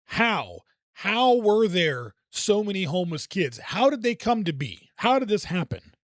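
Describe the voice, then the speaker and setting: Reaction host: man, high pitch, dry close sound, rambling and conspiratorial, swears freely. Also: sing-song, measured pace, dry recording. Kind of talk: casual commentary reacting to clips.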